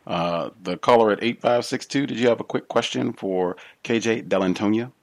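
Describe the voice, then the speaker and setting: Deep-voiced guy hosting call-in radio, short and businesslike. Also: normal speed. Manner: brief, businesslike calls to callers. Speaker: host.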